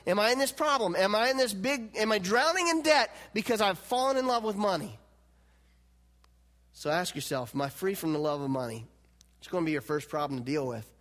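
A man preaching a sermon as pastor, animated and swinging between loud, emphatic lines and hushed, quiet ones. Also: high voice. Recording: long hall reverb.

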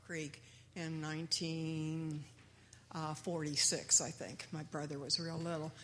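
Low, flat-voiced woman in her eighties. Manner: halting, pausing to recall names. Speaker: church member sharing a memory. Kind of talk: slow personal reminiscence. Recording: echoey hall with faint noise.

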